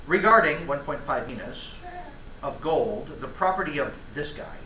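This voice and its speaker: A man's voice: on the high side, animated, moderate pace, pushed and bright, slight background noise. A man teaching a church Bible class in a conversational way, reading passages aloud and breaking off with asides to his students. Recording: roomy, echoey room with faint ambience.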